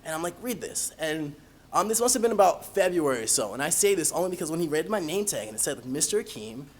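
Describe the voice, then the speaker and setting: A young man, a college student, telling humorous personal stories in an animated, self-mocking way. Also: on the high side, fast. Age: young adult.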